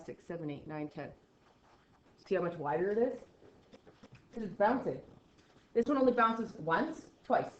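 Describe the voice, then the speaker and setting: A woman teaching a math class, counting steps out loud, trailing off quietly, and checking in with "right?". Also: mid-range voice. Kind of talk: classroom lecture. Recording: roomy classroom sound, slightly dull.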